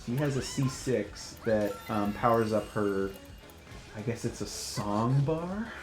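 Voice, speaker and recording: A man's voice: on the low side, slow, roomy sound, music in the background. A man hosting a casual gaming chat, laughing often as he explains game mechanics. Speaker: gameplay host.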